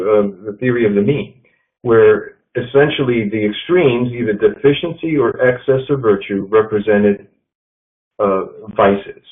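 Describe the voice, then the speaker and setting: A man giving a leadership presentation to an audience, measured and telling stories. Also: medium pitch. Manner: measured, storytelling with quotes. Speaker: leadership speaker. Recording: tinny phone-like sound.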